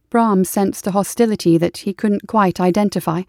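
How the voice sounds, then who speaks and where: A woman narrating an audiobook in a steady, even storytelling manner. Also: medium pitch, normal speed, hardly any pauses, no room sound, studio quality.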